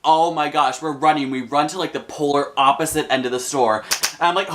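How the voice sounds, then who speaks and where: A man's voice: a little high, brisk. Chatty young man telling a story. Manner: chatty, animated retelling full of fillers. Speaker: vlogger. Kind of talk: casual storytime.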